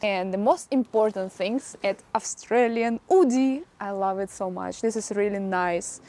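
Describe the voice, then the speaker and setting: A woman's voice: mid-range voice, warm tone. A young woman with a Russian accent, casually showing her packing in a travel vlog and laughing often. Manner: laughs often, lists items briskly. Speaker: vlogger.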